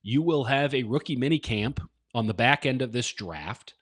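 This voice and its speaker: A man's voice: mid-range voice, expressive, moderate pace, fairly bright tone. A man co-hosting a casual sports podcast, wry and self-deprecating, with jokey asides. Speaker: podcast co-host.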